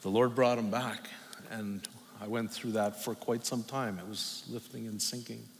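Emotional middle-aged preacher in a reverberant hall. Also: male voice, on the low side, steady tone. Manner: halting, emotional storytelling with long pauses. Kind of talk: emotional personal testimony sermon. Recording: long reverb from a hall, faint noise.

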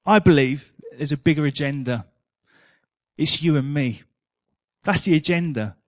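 A man's voice: on the high side, a little slow, no room sound, studio quality. A man preaching a sermon in a chatty, humorous storytelling manner.

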